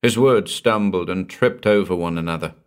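Deep-voiced male audiobook narrator. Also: moderate pace, clear, resonant tone. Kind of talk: scripted story narration.

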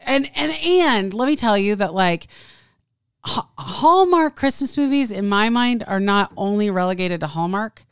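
A woman's voice: medium pitch, expressive, unhurried, clean tone, dry recording, studio quality. A woman co-hosting a podcast in casual chat, talking freely with fillers and swearing. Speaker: podcast co-host.

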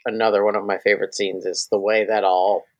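A man's voice: fairly low pitch, level tone, fast talker. A man co-hosting a comedy podcast in a casual, playful, crude way, often slipping into silly voices. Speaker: podcast co-host.

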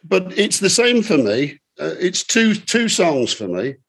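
A man's voice: high voice, big pitch swings, a little slow, a bit bright, slightly rough. An older man, a musician guest, speaking from his home over a video call in a reflective, nostalgic way. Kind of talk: relaxed interview conversation.

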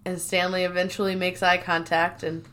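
A woman's voice: on the low side, level tone, moderate pace, a bit bright, slight background noise. A woman co-hosting a podcast in casual chat, recapping episodes and acting out quoted lines. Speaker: podcast co-host.

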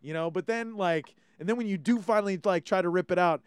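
A man from Hawaii, hosting a casual podcast chat in an animated, swearing way. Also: high voice, fast talker, clean tone, no room sound. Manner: animated, swearing, many restarts. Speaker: podcast host.

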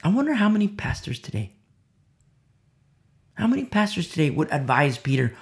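A male preacher delivering a dramatic sermon, swinging from loud declarations to hushed whispers. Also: on the high side, very animated, moderate pace, creaky, long pauses.

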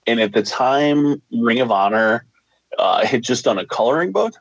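A man's voice: mid-range voice, animated, moderate pace, no echo, lo-fi sound. Laid-back man, dry close sound. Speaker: comic book writer, guest. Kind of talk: casual interview answer.

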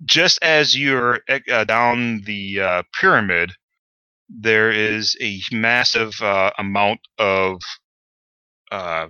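A man's voice: lowish voice, slow pace, bright, forceful tone, clear, resonant tone, dry recording, dull audio. A man narrating as game master of a tabletop game, hesitant and full of fillers.

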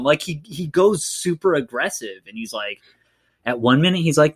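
A man's voice: medium pitch, expressive, moderate pace. Rambling man chatting about movies. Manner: rambling, heavy with fillers like "like" and "you know". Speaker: podcast co-host. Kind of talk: casual film discussion.

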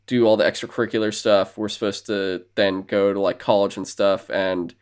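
A man's voice: on the low side, flat delivery, moderate pace, clean tone. Casual, profane man recapping a film. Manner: rambling, profane, acts out characters' lines. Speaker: podcast co-host.

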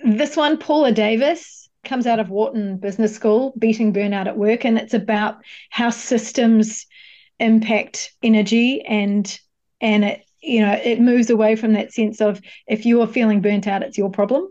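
Frank New Zealand woman, mellow voice. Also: fairly high pitch, normal speed, muffled recording. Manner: frank, expressive, casually swearing. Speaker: guest, coach and facilitator. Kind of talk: candid podcast conversation.

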